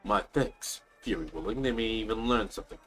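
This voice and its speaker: A man's voice: fairly low pitch, expressive, fairly quick, faint music behind, lightly acted, poor audio. A man doing a stern old nobleman. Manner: formal, stately reading with stumbles. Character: stern elderly nobleman, commanding father.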